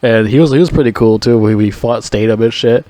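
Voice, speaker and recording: A man's voice: medium pitch, a little fast, warm tone, no room sound. A young man giving a casual movie review, rambling, blunt and full of swearing. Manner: rambling, heavily profane, blunt.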